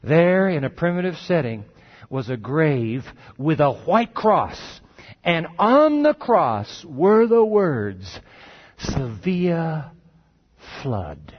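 High-voiced man preaching a dramatic story. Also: very animated. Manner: dramatic, slows down and drops his voice for emphasis. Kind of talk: sermon storytelling. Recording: dull lo-fi recording.

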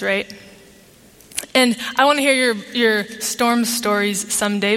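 A woman's voice: a little high, fairly bright tone. A woman pastor preaching a sermon to her congregation, engaging them with questions. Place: church sanctuary. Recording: long reverb of a large sanctuary.

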